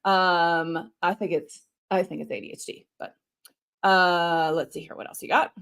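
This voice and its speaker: A woman coaching live on a stream, in a chatty, animated way with quick asides. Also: on the low side, creaky, clear, resonant tone. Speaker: online video coach hosting a live stream. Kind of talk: casual live-stream teaching.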